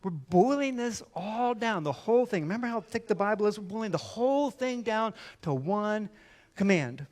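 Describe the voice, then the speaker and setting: A man with a fairly high voice preaches to his church. He talks casually and with energy, and acts out short back-and-forth exchanges to make his point. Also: normal speed. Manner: animated, conversational preaching with mock dialogue. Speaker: pastor. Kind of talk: sermon.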